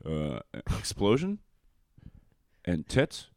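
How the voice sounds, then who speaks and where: A man's voice: on the low side, wildly swooping pitch, drawn-out words, dry recording, studio quality. A young man telling crude, rambling stories in casual chat, swearing and laughing often.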